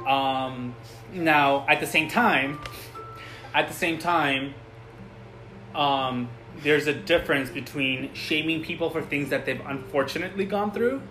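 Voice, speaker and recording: A man's voice: medium pitch, low-quality recording. Earnest, hesitant man on a podcast. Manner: earnest, hesitant, with many ums. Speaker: podcast co-host. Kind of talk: casual podcast chat.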